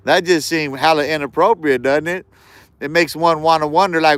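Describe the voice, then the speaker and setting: A man's voice: fairly high pitch, steady tone, moderate pace, a bit bright, smooth, no echo. A man ranting on a live stream in casual street slang, heated and repeating himself.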